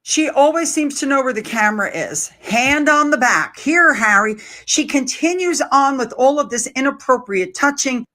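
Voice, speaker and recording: A woman narrating a played commentary video on body language in a steady manner. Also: high voice, normal speed, few pauses.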